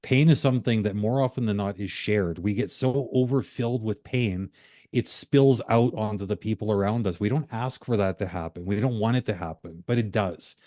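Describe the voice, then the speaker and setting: A man who works as a life coach, calmly explaining his view in a measured, conversational way. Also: on the low side, dry recording, clean studio sound. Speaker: life coach and podcast host. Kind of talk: conversational reflection.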